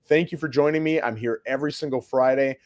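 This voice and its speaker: A man's voice: mid-range voice, fast talker, darkish tone. A man, a real estate agent hosting his own show, telling a story to camera in a casual, plainspoken way, often checking in with "right?". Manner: plainspoken, slangy.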